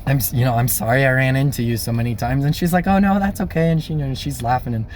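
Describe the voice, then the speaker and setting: A young man casually telling a personal story, animated and laughing, acting out the voices of people he quotes. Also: mid-range voice, fast, a little hiss or hum. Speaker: storyteller vlogger.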